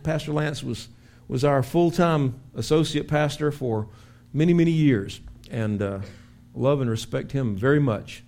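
A man preaching a sermon as pastor in a church, telling stories with lively acted-out shouts. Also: mid-range voice, unhurried. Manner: animated storytelling with acted-out shouts. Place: church sanctuary.

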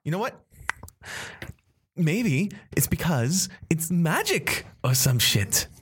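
Guy putting on a sneering lady outlaw, mocking drawl, higher voice, bright, swoops around. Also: sing-song, slow pace, husky, heavily acted. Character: scornful handcuffed woman outlaw, defiant.

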